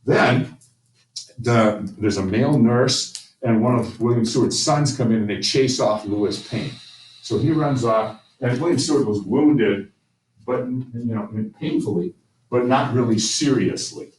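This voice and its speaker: A man's voice: mid-range voice, measured pace. A man teaching a history class, telling the story conversationally with frequent restarts. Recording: roomy, distant mic with faint ambient noise.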